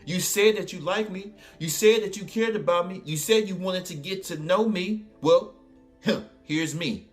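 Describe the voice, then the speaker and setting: A man's voice: high voice, normal speed, soft background music, pitched above the performer's own voice, lightly acted. A man doing a pushy, demanding young woman. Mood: defiant. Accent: New Orleans. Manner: pushy, repeats herself insistently.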